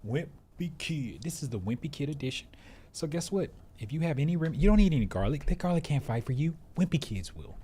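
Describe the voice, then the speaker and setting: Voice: medium pitch, expressive, fairly quick, mellow, a little hiss or hum. A playful podcast co-host in casual banter, hyping up the show and joking around.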